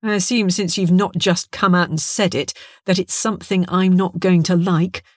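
A woman's voice: lowish voice, steady tone, normal speed, no room sound, lightly acted. A woman voicing a sardonic, adventurous woman who talks in a dry way.

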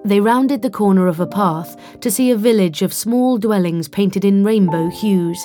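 A woman reading a science fiction story aloud in an even storytelling delivery. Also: mid-range voice, normal speed, soft background music. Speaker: audiobook narrator. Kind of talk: scripted narration.

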